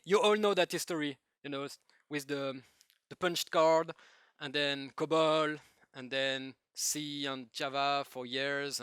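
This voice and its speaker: A man with a French accent giving a joking, lively tech talk to a live audience. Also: medium pitch, smooth, no echo, studio quality. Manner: lively, joking, with non-native phrasing. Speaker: conference speaker.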